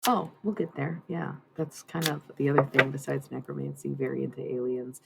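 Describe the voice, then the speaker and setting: A woman's voice: a bass voice, fairly even intonation, a little fast, gravelly, heavy background noise. A woman streaming live, chatting in a rambling way and giving a tarot reading, swearing freely. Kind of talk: casual livestream chat and tarot reading.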